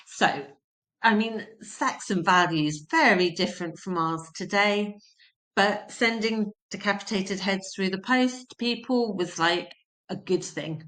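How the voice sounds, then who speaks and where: A woman's voice: medium pitch, measured pace, a bit bright. A woman teaching a history lesson, explaining terms simply and repeating key points for emphasis.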